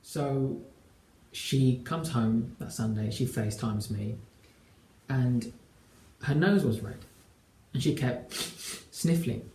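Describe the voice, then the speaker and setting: A man's voice: medium pitch, slow, pauses often, mellow, a little hiss or hum. A man in his twenties, a relationship coach, telling a personal story to camera in an earnest, emphatic way. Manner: earnest and emphatic, acts out quoted dialogue. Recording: echoey room.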